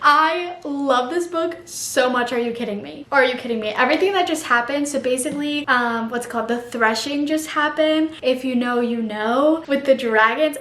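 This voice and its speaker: High-voiced gushing young woman vlogger. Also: a little fast, few pauses. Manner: gushing, animated, slangy. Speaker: book vlogger. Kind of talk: casual vlog chat. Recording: echoey room with faint ambience.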